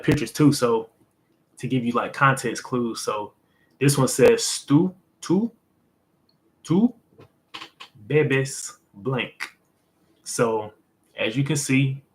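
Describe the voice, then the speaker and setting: A man hosting a casual language lesson, explaining in a loose, rambling way full of fillers and an occasional "boom" to wrap up a point. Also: a bit bright, rough recording. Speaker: host.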